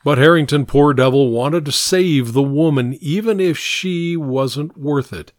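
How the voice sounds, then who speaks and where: A man narrating an audiobook in an expressive storytelling manner, recorded close to the mic. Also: fairly high pitch, measured pace, no room sound.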